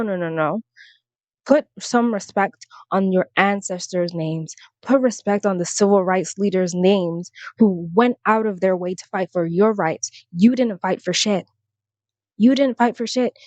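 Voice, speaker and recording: A woman's voice: mid-range voice, a little mellow, dry recording. A young woman giving a heated, sarcastic commentary rant to the camera, exasperated and blunt. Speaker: commentary vlogger.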